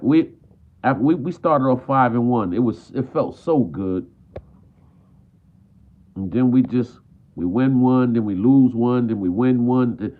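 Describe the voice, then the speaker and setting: A man ranting as a frustrated basketball fan on a live stream. He repeats himself and drops "man" at the end of almost every line. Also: medium pitch. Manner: frustrated, repetitive, peppers talk with "man". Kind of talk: live stream sports rant. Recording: tinny phone-like audio.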